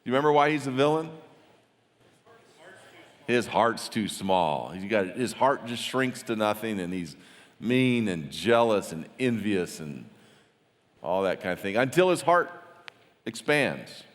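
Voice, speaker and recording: A man teaches a Bible study to a gathered audience, chatting loosely and quizzing them as he goes. His voice sits fairly low and he often trips and restarts his words. The sound rings out with the long reverb of a large hall. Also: very animated, unhurried, pauses often.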